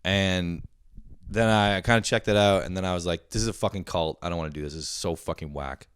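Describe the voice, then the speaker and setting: A man's voice: deep voice, a little fast, fairly bright tone, smooth, no echo, clean studio sound. A young man hosting a podcast, telling rambling stories full of swearing in casual chat. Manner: profane, rambling storyteller. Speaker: podcast host.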